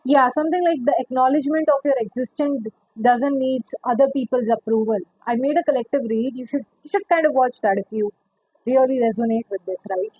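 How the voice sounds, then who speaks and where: A woman's voice: high voice, fairly quick, warm tone, no room sound, rough recording. A woman giving a pick-a-card tarot reading, chatty and rambling, calling the viewer honey. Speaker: tarot reader.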